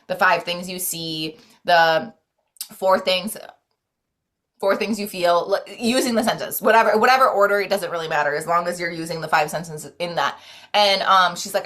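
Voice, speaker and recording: A woman's voice: lowish voice, normal speed, fairly bright tone. A woman talking as a podcast guest in casual, earnest conversation, rambling with many "like"s and restarts. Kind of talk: casual conversation about self-care and spirituality.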